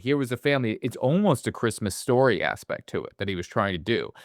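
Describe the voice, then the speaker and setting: A man co-hosting a casual movie podcast, animated, swearing freely and acting out quotes in little voices. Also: mid-range voice, no room sound, clean studio sound. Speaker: podcast co-host.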